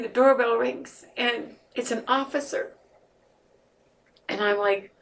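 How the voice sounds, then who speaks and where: A woman guest telling a painful personal story in a podcast interview, halting and earnest, often restarting her sentences. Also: fairly high pitch, steady tone, fairly bright tone, far from the mic. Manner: earnest and emotional.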